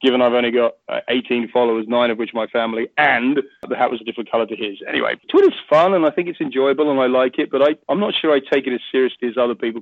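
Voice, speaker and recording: A man's voice: medium pitch, gravelly, dry recording. A man talking as a podcast guest in casual, rambling chat, cursing freely and laughing often. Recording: tinny phone line, dry.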